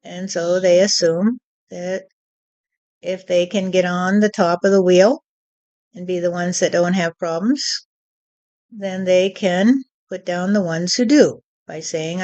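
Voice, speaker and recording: A woman giving a channeled spiritual teaching, speaking deliberately and often adding "you see.". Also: fairly low pitch, a little mellow, dull audio.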